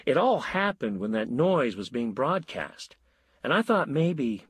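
A middle-aged man reading a short story aloud in a measured, wry storytelling manner. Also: mid-range voice, big pitch swings, breathy edge, dry recording. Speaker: narrator. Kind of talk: audiobook narration of a short story.

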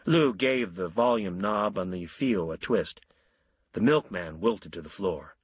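A man narrating a story in a wry, measured way. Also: sits low, animated, breathy edge, no room sound.

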